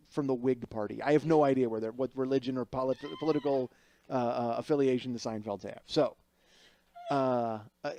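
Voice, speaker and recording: Casual comedy from a podcast host out of the Chicago area: he rambles sarcastically, restarting and wandering into asides. His voice sits at medium pitch with a darkish tone.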